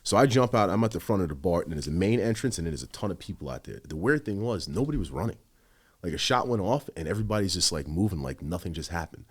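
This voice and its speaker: Podcast guest: low-voiced man, rapid delivery, animated, cursing, acts out his own lines. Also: husky. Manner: animated, heavy swearing, quotes himself. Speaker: podcast guest, former police officer. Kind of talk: casual storytelling.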